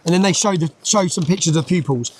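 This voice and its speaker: A man's voice: a little high, fast talker, slightly rough, rough recording. A man, a guest in a conversational interview, talking emphatically and repeating his points with tag questions.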